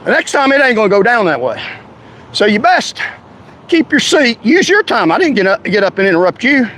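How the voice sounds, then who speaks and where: A man's voice: high voice, big pitch swings, fairly quick, fairly bright tone, poor audio. A man in a heated, indignant, confrontational rant straight to his followers. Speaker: vlogger ranting to followers. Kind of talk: angry direct-to-camera rant.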